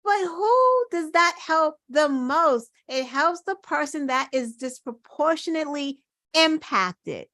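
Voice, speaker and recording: A woman's voice: high voice, very animated, slow pace, fairly bright tone, dry recording. A woman hosting her own show, talking in casual political commentary with indignant rhetorical questions and swearing. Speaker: show host.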